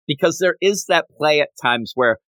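A man co-hosting a casual podcast chat, animated and quick to act out lines from the story. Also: fairly high pitch, dry recording. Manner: animated, acts out quoted characters in passing. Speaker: podcast co-host.

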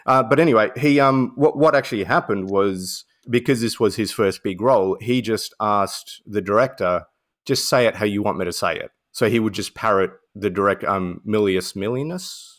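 A man with a lowish voice tells film trivia on a podcast in an easy, unhurried storytelling manner. He sounds casual and conversational. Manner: relaxed storytelling, uses "mate". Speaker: podcast co-host.

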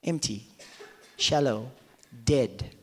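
A man's voice: mid-range voice, animated, extremely slow, a little mellow, slight background noise. A male pastor preaching a sermon to a live congregation, firing rhetorical questions at them and acting out their doubts in quoted voices. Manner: acts out listeners in quoted voices. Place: church auditorium with live congregation. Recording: reverberant church hall.

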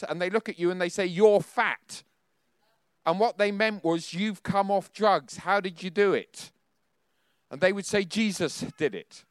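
A man's voice: high-pitched, fairly bright tone, clean tone, no echo, studio quality. A man in his fifties preaching a sermon, telling personal stories in a chatty, self-deprecating way with nervous laughs.

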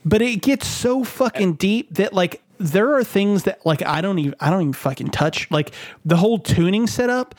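A young man with a fairly high voice rambles through casual gaming chat. His talk is full of fillers and curses, and the sound is dry and close. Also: expressive, normal speed, few pauses, no room sound. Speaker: podcast co-host.

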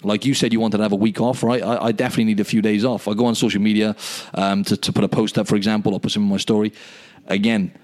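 A man co-hosting a podcast over a video call, chatting in an animated storytelling way and saying "mate" often. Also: on the low side, racing. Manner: animated storyteller, says "mate" and "you know what I mean" a lot. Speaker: podcast co-host.

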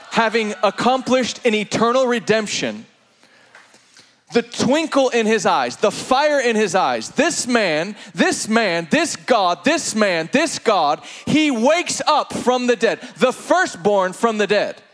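A man preaching an energetic sermon to a congregation, animated and playful, with laughing asides. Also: sits high.

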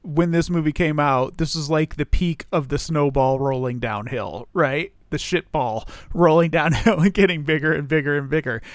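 Brief: middle-aged male podcast co-host, rambling and laughing, slightly high voice, dry close mic. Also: moderate pace, few pauses, dry recording. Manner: rambling, laughing, filler-heavy. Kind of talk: casual chat.

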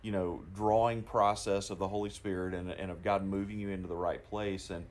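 Male podcast host, lower voice, halting delivery with many restarts. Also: level tone. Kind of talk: podcast interview.

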